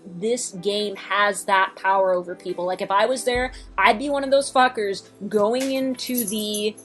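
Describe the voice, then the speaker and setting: A woman's voice: mid-range voice, measured pace, soft background music. Chatty, swearing woman podcast co-host. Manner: chatty, swears freely, trails off in fillers. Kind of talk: casual chat.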